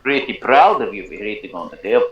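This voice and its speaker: A man's voice: on the low side, very animated, fast. A man playing a tabletop game, chatting in a wry, lecturing way. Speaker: player. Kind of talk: casual tabletop game chat. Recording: echoey room, dull lo-fi sound.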